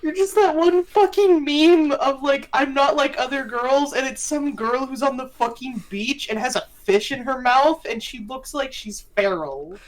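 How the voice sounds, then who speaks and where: A woman's voice: sits high, unhurried, few pauses, rough recording. A woman chatting casually on a stream, teasing her co-host. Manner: teasing and laughing.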